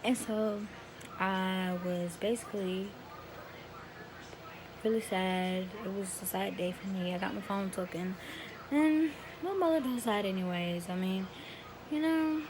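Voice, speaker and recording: A teenage girl talks to her camera, retelling a personal story in a loose, rambling, emotional way with plenty of slang. Her voice sits at an ordinary middle pitch for a young woman. A steady hiss of room noise runs under the recording. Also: a little slow, long pauses. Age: teens. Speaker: vlogger.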